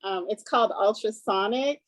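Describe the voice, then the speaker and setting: A woman hosting a casual film discussion, asking gentle questions and laughing easily. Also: mid-range voice, moderate pace, no echo, low-quality recording. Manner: warm listener, laughs often, gentle questions. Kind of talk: casual interview chat.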